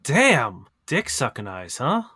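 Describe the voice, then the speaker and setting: Lively earnest male podcast co-host. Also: mid-range voice, slow pace, breathy edge, dry recording, studio quality. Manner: earnest, grateful and chatty. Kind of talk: casual podcast sign-off.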